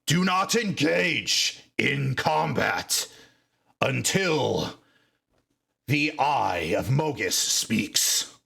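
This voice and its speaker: A man voicing a wise male orc seer who makes slow, formal pronouncements in a tabletop game. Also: medium pitch, animated, vocal fry, sharp tone, breathy edge, exaggerated voice. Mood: solemn. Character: solemn male orc seer in priestly robes.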